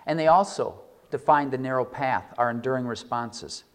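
A man preaching a sermon, reading scripture slowly and stressing key words with big swings in pitch and loudness. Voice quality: expressive, reads scripture slowly and deliberately. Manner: emphatic preaching with wide swings in pitch and volume, slowing on key phrases. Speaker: pastor.

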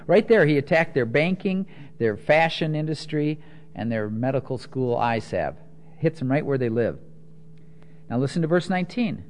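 A man preaching a teaching sermon, explaining scripture with everyday examples and moving between soft asides and emphatic quotes. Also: mid-range voice, big pitch swings, normal speed.

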